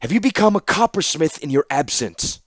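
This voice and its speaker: A man voicing a stern, commanding older warlord who speaks grimly and forcefully. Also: fairly high pitch, very animated, no echo, voice pushed up. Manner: grim, slow and forceful.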